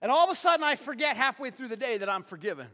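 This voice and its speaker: In a church hall, a long reverb follows every word of a male preacher's energetic, rapid-fire sermon. His voice is very high-pitched, and he uses an object lesson, repeating himself emphatically to drive each point home.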